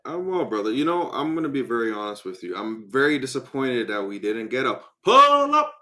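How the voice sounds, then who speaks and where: A man's voice: medium pitch, very animated, brisk, pushed and bright. A man in his thirties, a podcast guest, teasing the hosts with mock offense. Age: 30s. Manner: playful mock-offended banter. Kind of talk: casual podcast chat.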